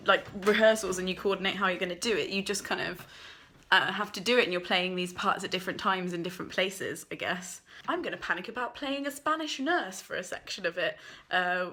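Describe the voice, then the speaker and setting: A young woman in her twenties from England, chatting to camera in a self-mocking way with quick asides. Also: medium pitch, sharp tone. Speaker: vlogger. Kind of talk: casual chat to camera.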